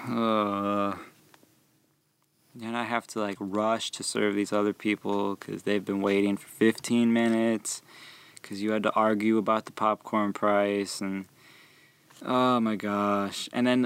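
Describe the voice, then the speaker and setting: A young man who works at a movie theater concession stand, telling rambling, animated stories about customers and laughing as he goes. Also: lowish voice, vocal fry, clean tone. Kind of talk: casual storytelling about work.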